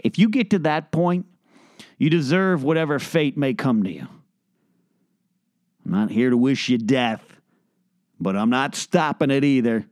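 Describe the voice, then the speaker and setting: A middle-aged man rants sarcastically about everyday annoyances, his voice smooth and resonant. He sounds exasperated and now and then squeals out mock beeps. The recording is close and dry, with no room sound. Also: unhurried, long pauses, darkish tone, no room sound, faint music behind. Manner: exasperated, sarcastic, mimics beeping in a high squeal. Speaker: podcast host. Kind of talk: comedic solo rant. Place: home bedroom.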